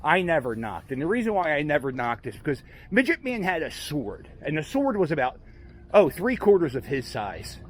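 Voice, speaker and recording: A man with a fairly high, very animated voice talks at normal speed while hosting a walking vlog on a city street. He's casual and rambling, often putting himself down.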